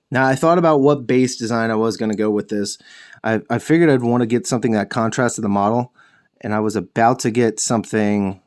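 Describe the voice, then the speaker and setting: A young man talks casually while painting miniatures, rambling and correcting himself as he goes. He jokes around and curses now and then. His voice sits at an ordinary middle pitch. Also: darkish tone. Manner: rambling, self-correcting, jokey with swearing. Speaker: host of a miniature painting show.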